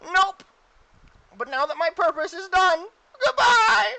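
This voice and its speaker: A game master voicing an eager, high-strung helper creature, shrill and overeager. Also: lively intonation, slow, vocal fry, bright, forceful tone, heavily acted.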